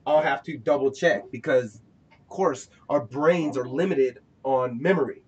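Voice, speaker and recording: A man's voice: medium pitch, a little slow, highs cut off. A man with a mid-range voice hosts a casual podcast. He rambles, lectures a little, and keeps restarting his sentences. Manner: rambling, preachy, restarts often. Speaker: podcast host.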